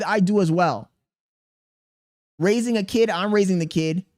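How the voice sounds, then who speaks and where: Male streamer in his thirties, a touch high-pitched, reads chat and vents, defensive and exasperated. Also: measured pace, a little mellow. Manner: exasperated, defensive venting with slang. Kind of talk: live-stream chat reading.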